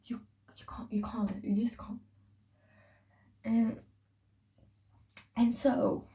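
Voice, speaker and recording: A woman's voice: a little high, vocal fry, dark tone, a little hiss or hum, poor audio. A teenage girl from France with a slight French accent, chatting casually and rambling while doing her night skincare, often slipping into a whisper. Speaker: vlogger. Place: home bathroom.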